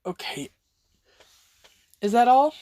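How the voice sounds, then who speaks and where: A storyteller voicing a confident woman hero who is now a combat teacher, speaking sternly with calm threats. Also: mid-range voice, slow, dry recording, voice pushed up.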